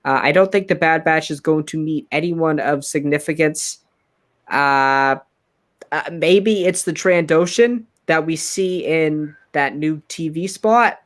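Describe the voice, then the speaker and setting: A man's voice: a little high, unhurried. A man co-hosting a casual fan podcast, blunt and opinionated, laughing easily. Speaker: podcast co-host.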